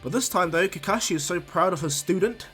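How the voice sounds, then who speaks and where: Male storyteller, casual and rambling, slightly high voice, faint music. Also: expressive, brisk, a bit bright. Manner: casual, rambling, many restarts. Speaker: fan storyteller. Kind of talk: fan what-if story narration.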